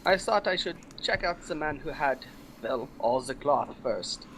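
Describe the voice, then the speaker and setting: A man's voice: on the high side, animated, measured pace, a bit bright, slight background noise. A man playing a stiff, formal bounty hunter in a tabletop game, with stilted, polite phrasing. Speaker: player.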